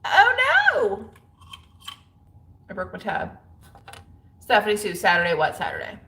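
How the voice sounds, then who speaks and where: Chatty woman vlogger with a bright voice. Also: lowish voice, a little fast, vocal fry, recorded from a distance. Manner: chatty and slangy. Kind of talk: casual chat to camera.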